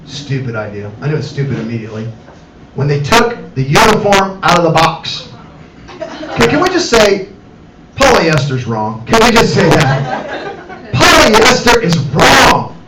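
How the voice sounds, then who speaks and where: A middle-aged man performing animated stand-up comedy at a cafe comedy night, talking to the audience. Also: on the high side, normal speed, long pauses. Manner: animated, acts out voices, addresses the audience. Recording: roomy, distant mic, loud background noise.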